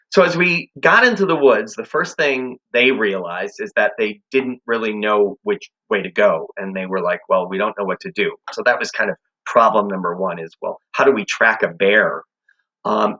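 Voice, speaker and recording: A man's voice: lowish voice, bright, forceful tone, highs cut off. A man teaching a class, telling a suspenseful personal story in a conversational way.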